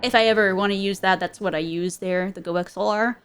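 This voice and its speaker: A woman's voice: mid-range voice, fairly even intonation, brisk, smooth. A woman streamer in casual chat, rambling with many fillers and frequent giggles.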